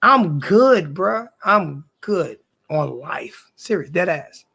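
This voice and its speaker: A man with a high-pitched, gravelly crackle of a voice rants at his live-stream chat like a confrontational sports YouTuber, repeating the same line and leaning on profane slang. He speaks slowly with lively intonation and a sharp tone.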